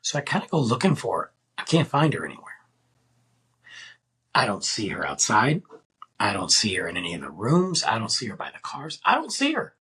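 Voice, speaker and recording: A man's voice: on the low side, brisk, slightly rough. A man hosting a podcast, telling a story in a chatty, casual way and talking straight to his listeners. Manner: animated, chatty, addresses listeners as guys. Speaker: podcast host.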